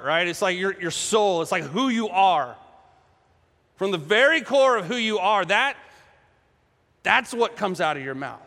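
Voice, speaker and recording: A man preaching a sermon in a casual, humorous and animated way. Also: high voice, moderate pace. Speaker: pastor. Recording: echoey hall.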